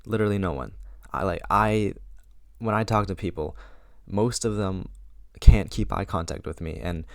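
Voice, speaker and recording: A man's voice: low-pitched, normal speed, vocal fry, a little mellow, no echo, studio quality. A young man around eighteen giving casual social advice to camera, chatty and full of fillers, acting out sample lines.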